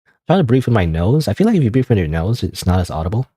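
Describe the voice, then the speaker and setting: A man's voice: lowish voice, very animated, fast talker, warm tone, a little hiss or hum. A male streamer rambling through casual gameplay commentary, full of fillers and a bit out of breath.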